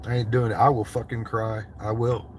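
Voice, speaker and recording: American guy streaming from his car, cussing and joking with chat, mid-pitch voice, a little background hum. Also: little pitch movement, moderate pace, a little mellow. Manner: loose, profane, joking banter. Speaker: livestreamer chatting with viewers. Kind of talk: casual livestream chat.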